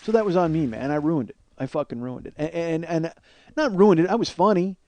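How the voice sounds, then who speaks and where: A man's voice: fairly high pitch, brisk, music in the background. A man telling a rambling, profane, self-deprecating comedic story as a podcast host.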